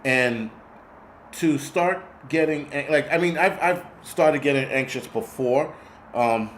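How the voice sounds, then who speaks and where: A man's voice: medium pitch, slow pace, fairly bright tone, slight background noise. A middle-aged man hosting a casual livestream, ranting bluntly with lots of swearing and reading viewer comments. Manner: profane, blunt, rambling rant.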